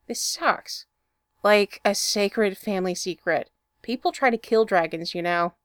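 A woman's voice: mid-range voice, measured pace, no echo, studio quality, close to an everyday voice. A woman voicing a scratchy, nervous man. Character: nervous adult man hiding a secret, scratchy throat.

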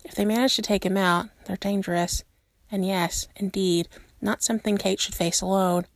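A woman narrating a story aloud in a steady, measured way. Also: mid-range voice, no room sound, studio quality. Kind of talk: reading fan fiction aloud.

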